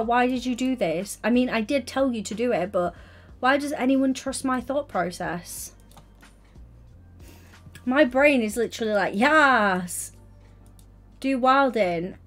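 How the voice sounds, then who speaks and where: A young woman streaming, chatting casually and teasingly while building in a game. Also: on the high side. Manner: teasing, giggly, playful.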